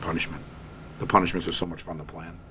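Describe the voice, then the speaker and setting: This man speaks low and quick over slight background noise. He's a comedian from Staten Island, a guest in a relaxed interview, spinning lively stories and performing the quotes in them.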